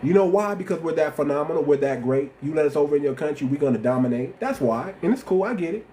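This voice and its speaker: A man's voice: a little high, quick pace, slight background noise. A man with a slight lisp hosting a livestream, talking bluntly and repeating himself in casual slang. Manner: blunt, repetitive, animated slang-heavy talk. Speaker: livestream host.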